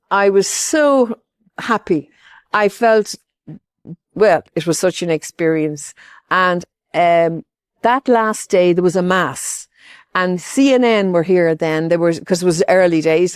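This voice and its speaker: A woman's voice: mid-range voice, a little slow, clean tone, no room sound, clean studio sound. An older woman from Ireland giving a personal testimony as a pilgrim, rambling and heartfelt, with many asides.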